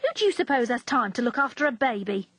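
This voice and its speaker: A woman's voice: fairly high pitch, expressive, fast talker, a bit bright, husky, no echo. A woman reading aloud, voicing a stern, fussy old nursemaid who scolds firmly. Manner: firm, scolding.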